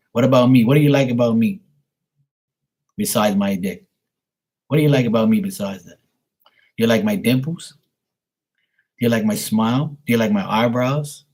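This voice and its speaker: Blunt, husky-voiced man on stream. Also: fairly low pitch, darkish tone. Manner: blunt, profane, rambling. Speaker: live stream host. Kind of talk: casual live chat with viewers.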